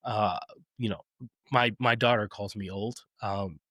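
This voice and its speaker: A man around thirty hosting a podcast, talking in a relaxed, chatty way with frequent fillers, restarts and laughter. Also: fairly low pitch, measured pace, dry recording, studio quality. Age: 30s. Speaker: podcast host. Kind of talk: casual podcast conversation.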